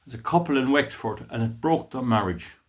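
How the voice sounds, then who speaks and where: A man's voice: mid-range voice, animated, brisk. Scornful Irish man ranting. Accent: Irish, west of Ireland. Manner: blunt, scornful rant, mock-emotional jeering. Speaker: YouTube commentator. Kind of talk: solo commentary reading news articles.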